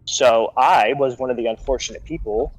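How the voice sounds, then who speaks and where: A man's voice: medium pitch, normal speed, breathy edge, no echo, low-quality recording. Male storyteller, casual and rambling, acts out quotes, dry close recording. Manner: rambling anecdote with acted-out quotes and restarts. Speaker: guest storyteller.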